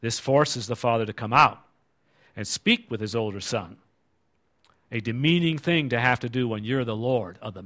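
A man preaching in an easy, conversational way, his pitch sitting right in the middle. He keeps turning to the congregation with rhetorical questions as he explains the passage. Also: fairly bright tone. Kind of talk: sermon.

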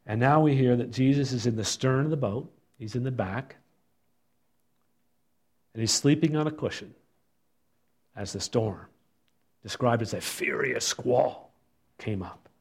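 A man teaches a Bible study in an ordinary mid-range voice. He reads scripture expressively and pauses to reflect on it. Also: mid-range voice, vocal fry, a little mellow, husky.

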